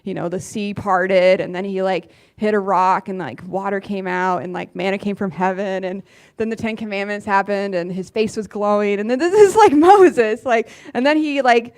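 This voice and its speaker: A woman's voice: mid-range voice, normal speed, darkish tone. Chatty woman preaching casually. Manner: chatty, laughing, many "like" fillers. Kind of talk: casual sermon. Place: church.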